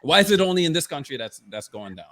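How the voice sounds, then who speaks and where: A podcast co-host in the middle of a heated rant, peppering his talk with curses. His voice sits a little higher than most men's. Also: big pitch swings, fast talker, a bit bright. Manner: heated ranting, heavy swearing. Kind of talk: casual podcast chat.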